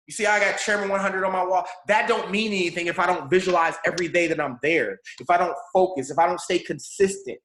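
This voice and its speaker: A man leading a morning mentorship call as a motivational coach, fervent and repetitive, swinging between rising excitement and soft, low reflection. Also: fast, few pauses, a little hiss or hum. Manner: drops to a soft, low hush for reflective moments. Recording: echoey room.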